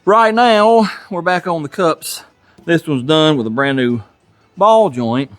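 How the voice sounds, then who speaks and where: Speaking slowly but in an animated way, a man with a fairly high voice hosts a laid-back vlog from his home garage workshop. He's from Tennessee, has a Southern US accent, and comes across folksy, chuckling and self-deprecating.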